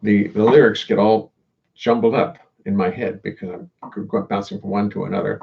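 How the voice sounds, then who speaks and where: Gravelly man rambling between songs. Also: fairly low pitch, a little mellow, lo-fi sound. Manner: rambling, self-deprecating, halting. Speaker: jazz bassist and singer. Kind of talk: casual chat between songs on a livestream.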